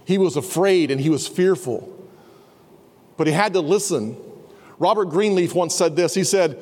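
A pastor preaching an earnest sermon, sometimes dropping to a soft, low voice. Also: male voice, moderate pace, long pauses. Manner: earnest, drops to a soft low voice for quiet passages. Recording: long hall reverb. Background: students in a campus service.

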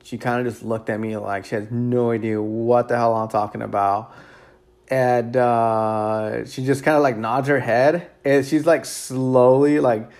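A man with a gravelly, fry-tinged voice at an ordinary middle pitch, telling stories in a loose, rambling way. He is relaxed and candid, curses now and then, and keeps circling back with fillers and restarts. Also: unhurried. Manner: rambling, many fillers and repeated words; relaxed and candid, with mild cursing. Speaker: real estate agent. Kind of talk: casual storytelling.

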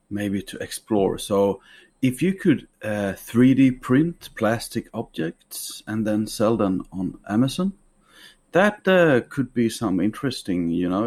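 A man's voice: fairly low pitch, darkish tone, husky. A man with an accent in his English, leaving a hesitant voice question for a podcast host. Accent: non-native English. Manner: hesitant, with pauses and fillers. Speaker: listener calling in a question.

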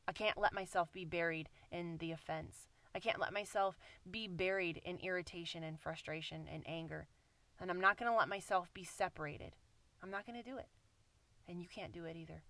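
A woman's voice: fairly low pitch, fairly even intonation, brisk, fairly bright tone, dry recording. A woman giving an earnest, conversational devotional message that closes in prayer, repeating phrases for emphasis and talking to listeners as "you guys". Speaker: Christian speaker.

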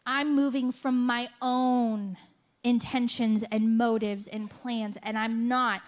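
A woman's voice: fairly high pitch, little pitch movement, takes it slowly. Chatty woman giving a self-mocking testimony. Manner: chatty storytelling with frequent "like" and "right?". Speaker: speaker sharing a faith testimony. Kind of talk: conversational sermon testimony.

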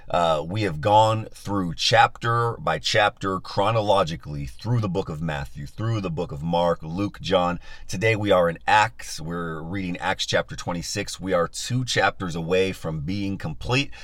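A man's voice: sits low, unhurried, hardly any pauses, a bit bright, dry recording. A male pastor leading a live-streamed Bible study, upbeat and enthusiastic as he chats with his listeners, on a phone mic.

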